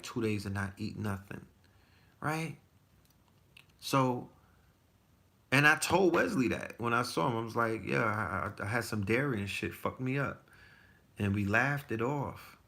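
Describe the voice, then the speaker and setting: Forties guy, low gravelly voice, bright edge, rambling and cussing with lots of restarts. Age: 40s. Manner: loose, profane storytelling with many restarts. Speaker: podcast guest. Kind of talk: casual chat. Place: Texas.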